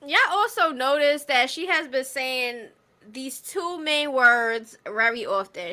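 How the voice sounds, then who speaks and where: A woman's voice: high voice, a little slow, pushed and bright. A woman hosting a stream, giving blunt, exasperated gossip commentary straight to her viewers. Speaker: stream host commenting on clips.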